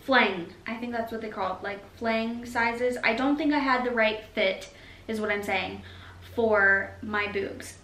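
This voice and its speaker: A woman's voice: on the high side, measured pace, sharp tone. A young pregnant woman chatting emotionally in a casual update vlog, short of breath and uncomfortable. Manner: chatty and emotional, says y'all. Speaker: vlogger. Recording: echoey room with faint noise.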